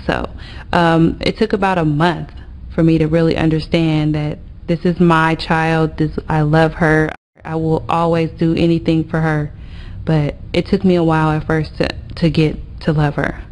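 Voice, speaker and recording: A mother speaking candidly and a little hesitantly about slowly learning to love her child. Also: low-pitched, level tone, darkish tone, a little hiss or hum. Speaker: interviewee, mother.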